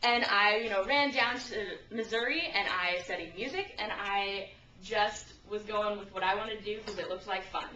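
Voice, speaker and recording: A young woman giving an informal sermon, telling Bible stories in a chatty, animated way and acting out the voices she quotes, recorded on a camcorder. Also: medium pitch, normal speed, few pauses, highs cut off, a little hiss or hum. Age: young adult. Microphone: handheld camcorder at a distance. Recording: echoey room from a far camcorder.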